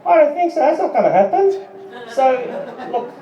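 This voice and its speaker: This Australian comedian, who is also a band musician, has an extremely high, mellow voice with big pitch swings and a moderate pace. At a small live music venue he rambles through a profane set, full of ums and remarks to the audience, recorded from afar in lo-fi with lots of echo.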